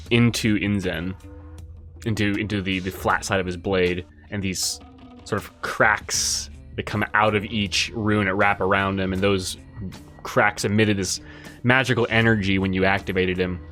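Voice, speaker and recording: Low-voiced game master guy describing characters, chill pace, soft guitar music behind. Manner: descriptive, relaxed storytelling. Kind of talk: narrating a tabletop game.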